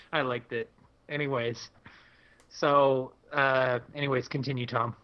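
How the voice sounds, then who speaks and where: A man's voice: mid-range voice, little pitch movement, slow, highs cut off. A man co-hosting a podcast, talking bluntly with plenty of swearing in casual chat. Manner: blunt and profane. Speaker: podcast co-host.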